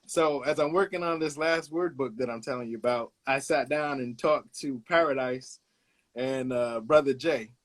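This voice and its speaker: A man in his fifties from Brooklyn, a guest illustrator telling stories in a relaxed interview with frequent "uh"s. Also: mid-range voice, moderate pace. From Brooklyn, New York. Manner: laid-back, anecdotal, hesitates with "uh", laughs along. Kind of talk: casual storytelling interview.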